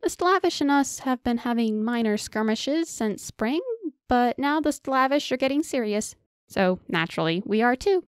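A woman's voice: a little high, animated, moderate pace, clear, resonant tone, no echo, clean studio sound, voice pushed up, close to an everyday voice. A woman reading the lines of a cheeky, teasing young male enchanter. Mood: explaining.

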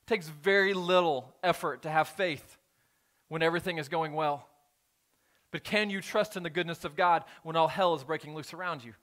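Higher-voiced man preaching a sermon. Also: normal speed. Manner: shifts from hushed scripture reading to emphatic preaching. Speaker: pastor. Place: church sanctuary.

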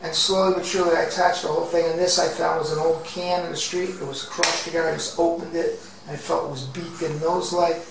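A man with a fairly high voice walks through his found-object artworks, musing aloud and circling back to his points. He sounds set back from the microphone in a very echoey room, with a faint hiss beneath him. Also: flat delivery, gravelly, far from the mic. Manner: rambling and reflective, with pauses and restarts. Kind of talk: casual talk about his own artworks.

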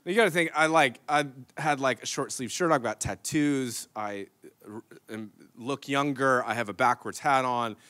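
A man in his thirties, a pastor, telling a story in a sermon. He is animated, laughs often, and swings between loud bursts and hushed asides. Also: medium pitch, normal speed. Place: church stage.

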